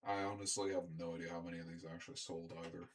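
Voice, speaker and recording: A young man with a very deep voice talks through a toy unboxing in a loose, rambling way. He keeps stopping to clear his throat and tacks on asides as he goes. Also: flat delivery, very fast. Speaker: toy reviewer. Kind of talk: casual unboxing review.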